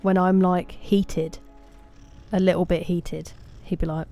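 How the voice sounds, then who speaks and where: A woman's voice: lowish voice, flat delivery, measured pace, dark tone, faint music behind. A woman with an English Estuary accent, chatting casually with viewers while she streams a game. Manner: chatty, answers chat messages by name.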